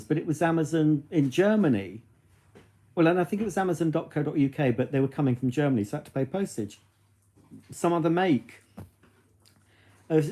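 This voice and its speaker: Mellow-voiced man chatting on a livestream. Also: a little high. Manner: chatty, teasing, gossipy. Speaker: livestream host. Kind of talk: casual live-stream chat.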